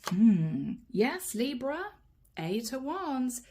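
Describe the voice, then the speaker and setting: A woman giving a channeled tarot reading in a chatty, animated way, speaking straight to the listener by star sign and dropping to a soft whisper as she names each card. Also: on the high side, measured pace. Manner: drops to a soft whisper when naming cards. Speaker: tarot reader.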